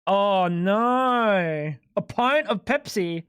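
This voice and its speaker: A man's voice: high voice, lively intonation, extremely slow, a bit bright, clear, resonant tone, no room sound, clean studio sound. A man chatting casually on a live stream, rambling and sweary, with lots of "like". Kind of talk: casual chat while gaming.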